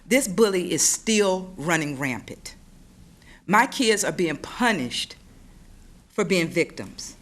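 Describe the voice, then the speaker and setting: A woman's voice: fairly low pitch, lively intonation, slow, fairly bright tone. A mother giving public comment at a school board meeting, emotional and pleading, close to tears. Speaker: parent speaking at public comment.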